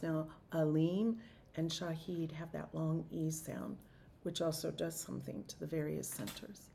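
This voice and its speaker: A woman teaching as a Sufi teacher and leading a slow, intoned group chanting practice. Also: sits low, steady tone, gravelly, slight background noise. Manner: slow, soft-spoken, drawn-out intoned chanting.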